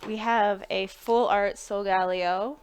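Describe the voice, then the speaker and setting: Woman host, casual streamer chat, mid-pitched, loose and chatty, laughs easily. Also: fairly even intonation, slow, clean tone. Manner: chatty, thinking aloud, laughing between remarks. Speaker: live-stream pack opener.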